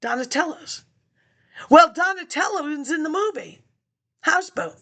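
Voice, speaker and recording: Chatty and unhurried, this vlogger talks directly to her audience, skipping between subjects and laughing quietly to herself along the way. Her voice sits high, with lively intonation and a sharp tone.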